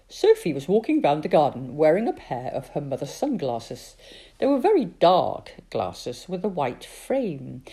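Woman reading a kids story, low mellow voice, super expressive, whispery bits for suspense. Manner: expressive, with hushed dramatic asides.

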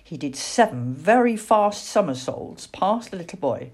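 Husky woman reading a storybook. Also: mid-range voice, very animated, a little slow, a little mellow.

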